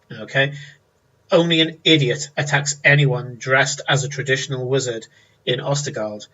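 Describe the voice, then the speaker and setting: A man's voice: medium pitch, fairly bright tone, muffled recording. A man, narrating as game master, descriptive with many fillers.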